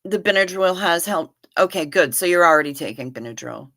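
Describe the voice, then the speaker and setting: Bright-voiced woman chatting on a livestream. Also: lowish voice, lively intonation, brisk. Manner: folksy, chatty, calls viewers honey and baby; hums and sings little doo-doo fillers. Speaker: livestream host. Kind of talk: casual chat reading viewer comments.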